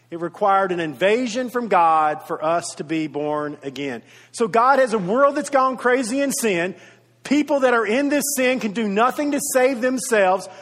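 A man's voice: high voice, fairly bright tone. A man preaching a sermon as pastor, earnest and repeating his key points for emphasis, with storytelling asides. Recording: reverberant hall.

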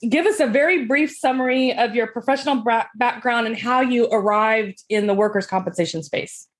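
Woman host, pretty high voice, easygoing, laughs along with her guest. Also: brisk, faint music behind. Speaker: podcast host. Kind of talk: casual interview.

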